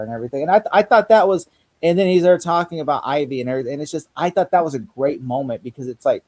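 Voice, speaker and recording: Excitable man recapping TV scenes. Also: a little high, racing. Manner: retells scenes in put-on character voices. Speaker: podcast host. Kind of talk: casual TV recap chat.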